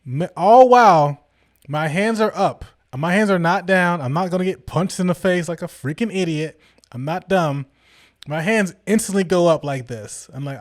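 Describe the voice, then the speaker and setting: A young man tells a story on his podcast with lots of energy, slipping into the voices of the people he quotes. His voice sits a little high for a man, and the sound is close and dry with no room around it. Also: moderate pace, no room sound. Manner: animated, acts out quoted people, slangy. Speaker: podcast host. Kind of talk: casual storytelling.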